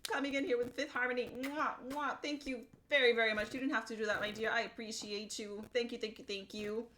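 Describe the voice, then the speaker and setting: A woman's voice: on the high side, fairly even intonation, quick pace, fairly bright tone, slight background noise. A young adult woman from Puerto Rico streaming live, chatting casually and greeting her chat by name.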